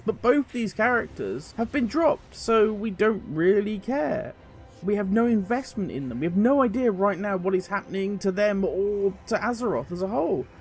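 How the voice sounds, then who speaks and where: A man giving opinionated video commentary as a gaming commentator, animated and sarcastic. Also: high voice.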